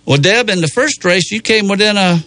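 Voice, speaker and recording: An easygoing man with a slightly higher voice, hosting a relaxed racing chat and pausing often with small fillers. His voice sounds close and dry, with no room around it. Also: no room sound. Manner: easygoing, halting, leads the picks. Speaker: host. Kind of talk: casual chat about racing picks.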